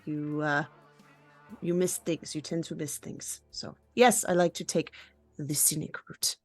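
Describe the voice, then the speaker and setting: A woman's voice: sits low, fairly even intonation, measured pace, vocal fry, darkish tone, dry recording, soft background music. A woman playing a tabletop role-playing game, speaking in a defensive, rambling manner. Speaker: player. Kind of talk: in-character role-play.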